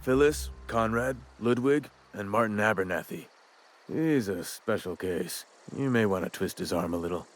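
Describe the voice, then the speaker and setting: An actor playing a chatty, wry frontier gravedigger in a video game, talking in a folksy drawl with old-timey wording. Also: male voice, lowish voice, lively intonation, moderate pace, natural voice. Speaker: game character.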